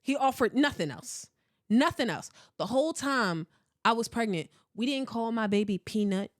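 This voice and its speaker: A woman, hosting a podcast and chatting casually, animated and often laughing as she rambles through stories. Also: on the high side, moderate pace, no echo, studio quality. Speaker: podcast host. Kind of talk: casual chat reading listener comments.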